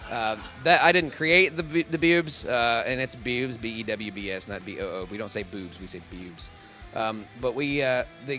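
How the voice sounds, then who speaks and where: A man's voice: medium pitch, sharp tone. A man who works as a professional voice actor, talking in a casual convention interview, rambling and laughing often.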